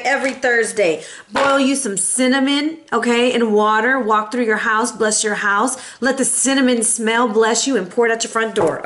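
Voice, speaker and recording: A woman's voice: a little high, a bit bright. A woman giving a casual tarot reading, chatty and sassy, calling her viewers boo and y'all. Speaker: tarot reader.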